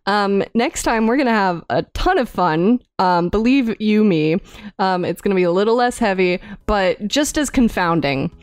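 A woman's voice: mid-range voice, lively intonation, clear, resonant tone, no echo, studio quality. A woman co-hosting a podcast, speaking casually and thoughtfully with small restarts as she signs off. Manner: unhurried, thoughtful, with filler restarts. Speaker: podcast co-host. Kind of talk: casual podcast chat and sign-off.

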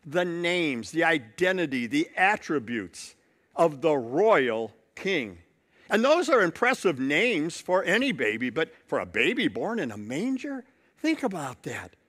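A man's voice: a little high, big pitch swings, measured pace, fairly bright tone. A male pastor preaching a sermon, telling a story and building points through repetition.

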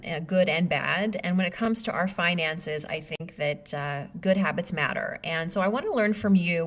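Low-voiced woman hosting a podcast. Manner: measured and deliberate, with small fillers. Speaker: podcast host. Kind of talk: interview questions.

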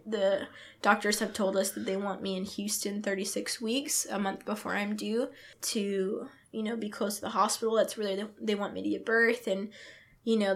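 A young pregnant woman telling a heartfelt personal faith story as a podcast guest, acting out the words of others as she goes. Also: medium pitch. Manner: earnest, reenacts her own thoughts and others' words. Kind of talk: emotional personal testimony.

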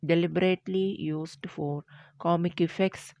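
A woman's voice: lowish voice, steady tone, normal speed, darkish tone, no room sound. A woman teaching a lesson, reading steadily from notes with small slips and restarts. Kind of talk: lecture on poetic meter, reading from notes.

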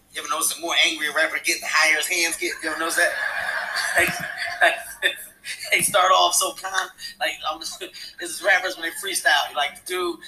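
Male stand-up comic, small light voice, animated delivery with shouted punchlines and acted-out characters. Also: a little high, a little hiss or hum, low-quality recording. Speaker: stand-up comedian. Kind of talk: stand-up comedy routine.

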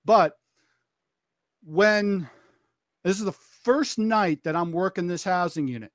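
A woman, a former corrections officer, telling her testimony as a podcast guest in an animated way, acting out the voices she quotes. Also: fairly low pitch, slow pace, dry recording, clean studio sound. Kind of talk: testimony storytelling.

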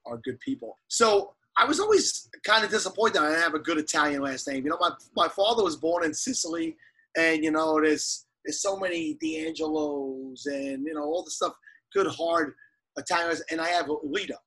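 A man's voice: on the high side, normal speed, husky, rough recording. A man in his forties from New York, a guest telling a story in casual podcast chat and acting out the quotes. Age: 40s. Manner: animated storyteller, acts out quotes.

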